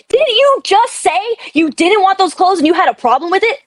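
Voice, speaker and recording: A woman's voice: extremely high pitch, animated, fairly quick, no room sound, studio quality. A woman ranting angrily on a livestream chat, swearing often and venting about someone. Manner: angry, profane ranting. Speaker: guest.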